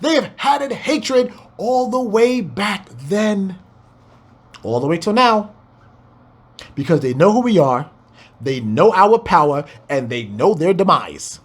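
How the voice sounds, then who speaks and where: A man's voice: high-pitched, big pitch swings, slow, husky. A man preaching a fiery scripture breakdown, firing rhetorical questions and swearing as he exclaims.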